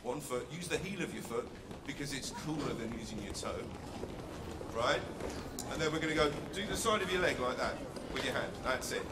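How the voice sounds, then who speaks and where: A man's voice: medium pitch, expressive, brisk, heavy background noise. A man leading a live music workshop, coaxing a crowd through counting, clapping and call-and-response scat chants. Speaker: workshop leader. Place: school hall with live band and audience. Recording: echoey hall, mic far off, loud band and crowd.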